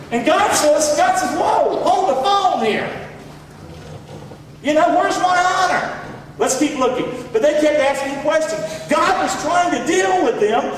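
A Southern man delivers a folksy sermon with a high, lively voice that leaps to shouts and sinks to quiet asides. He is heard from a distance in a big echoing hall, with a faint hum of the room behind him. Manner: folksy, swings from loud shouts to low asides. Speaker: preacher. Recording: echoey hall, voice from far off.

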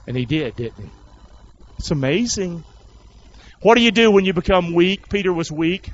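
A man preaching a sermon to a congregation in a church, leading call-and-response and swinging between loud, rising calls and hushed, low passages. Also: expressive, moderate pace, long pauses, dull audio, a little hiss or hum. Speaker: pastor.

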